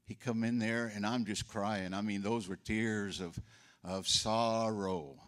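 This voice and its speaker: A man's voice: lowish voice, fairly even intonation, takes it slowly, fairly bright tone. An older man giving a folksy eulogy for his sister, telling stories and acting out the voices in them. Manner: folksy storyteller, acts out voices. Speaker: eulogist, brother of the deceased. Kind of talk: memorial eulogy with storytelling.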